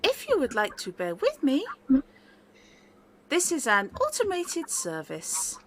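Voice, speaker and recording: A prim, polite hotel chatbot, put on by a woman, in a raised, bright and lively tone. She spaces every word with stiff robotic courtesy, like an automated service on a tabletop game. The line is online and a touch noisy. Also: high-pitched, voice pushed up, full character voice. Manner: slow, over-clear, prim robotic courtesy.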